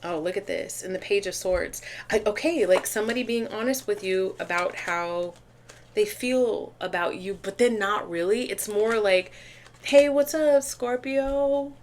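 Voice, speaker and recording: A woman doing a casual tarot reading to camera, talking chattily and excitedly, with lots of restarts and fillers. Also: medium pitch, normal speed, slight background noise. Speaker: tarot reader.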